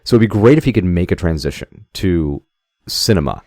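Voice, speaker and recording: Man, very low voice, dry close sound, rambling casual podcast talk, swears freely. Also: animated, brisk, a little mellow, no room sound. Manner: rambling, profane, many restarts. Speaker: podcast co-host. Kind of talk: casual chat.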